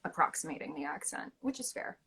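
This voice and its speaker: A young woman from Canada, chatting as a guest actress in a casual interview, animated and full of fillers and restarts. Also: sits low, fairly quick, creaky, husky.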